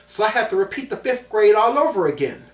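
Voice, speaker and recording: A Chicago vlogger in his thirties tells a personal story fast and sing-song, with lots of emphasis and repeated phrases, his pitch swinging widely. The mic sits well away from him, so he sounds roomy and distant.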